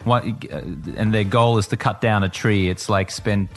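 Low-voiced man musing in a podcast chat. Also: steady tone, normal speed, soft background music. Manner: thoughtful, hesitant with fillers when recalling examples. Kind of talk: casual chat.

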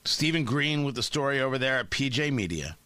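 Sarcastic, animated radio host man. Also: mid-range voice, brisk, no echo. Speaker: radio talk show host. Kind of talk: talk radio monologue.

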